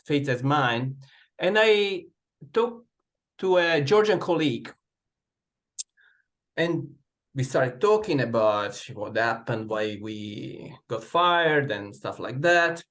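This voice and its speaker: A man joins a club meeting by video call to give a prepared speech. His voice sits fairly high, and he takes his time, telling his story earnestly and pausing between thoughts. His pace stays slow throughout. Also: a bit bright. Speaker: club speaker joining online.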